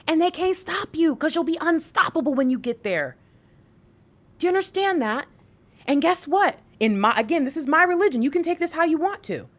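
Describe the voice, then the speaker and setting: Animated preachy woman on a livestream. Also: high voice. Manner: animated, preachy, talks to chat. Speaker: intuitive reader and livestream host. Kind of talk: livestream spiritual reading, preachy chat.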